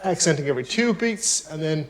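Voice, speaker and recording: Relaxed man teaching piano. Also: fairly high pitch, fairly quick, rough recording. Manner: relaxed, explanatory, counts beats aloud while playing. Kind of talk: piano tutorial. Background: piano playing.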